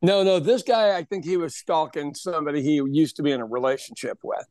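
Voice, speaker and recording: A man of about sixty co-hosting a podcast, telling stories in an animated, casual way and laughing often. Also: on the high side, a little fast, no room sound, clean studio sound. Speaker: podcast co-host, pub owner. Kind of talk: casual chat.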